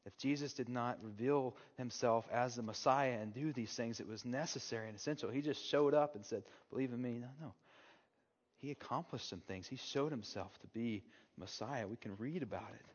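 A man preaching a sermon as pastor, moving from hushed, slow passages to loud, urgent calls. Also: mid-range voice. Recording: dull long-reverb hall sound.

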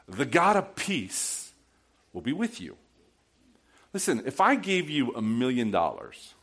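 A male pastor preaching a sermon in a church, asking the congregation questions and swinging from quiet prayerful passages to loud shouts. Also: medium pitch. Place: church sanctuary.

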